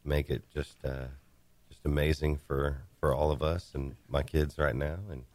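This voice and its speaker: A man talking in a casual group chat, hesitant, with many pauses and restarts. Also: a bass voice, little pitch movement, a little mellow, no echo. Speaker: guest.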